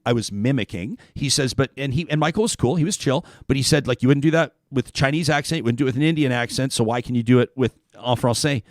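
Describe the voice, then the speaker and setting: A man's voice: mid-range voice, dry recording. A man hosts a casual talk show, reading viewer comments aloud and riffing on them with playful asides. His voice sits in an ordinary middle register. The studio sound is dry and close. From Canada. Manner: joking, reads listener comments aloud.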